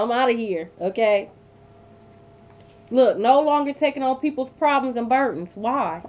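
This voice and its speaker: A woman's voice: on the high side, animated, measured pace, darkish tone. Blunt, profane woman reading tarot. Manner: blunt, profane, emphatic repetition. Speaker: tarot reader. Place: sitting on a bed at home. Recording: dull lo-fi audio with faint hum.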